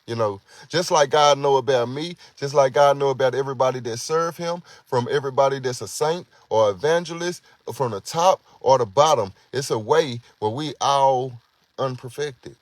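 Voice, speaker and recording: A man's voice: mid-range voice, normal speed, no room sound. A man giving an informal sermon, talking conversationally, often repeating words and acting out quoted prayers. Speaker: preacher.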